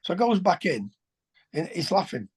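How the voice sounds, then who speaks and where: A man, a former footballer telling colloquial, animated anecdotes as an interview guest. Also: high-pitched, normal speed, slightly rough. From England. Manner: animated, colloquial, swears, restarts sentences. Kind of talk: anecdotal storytelling.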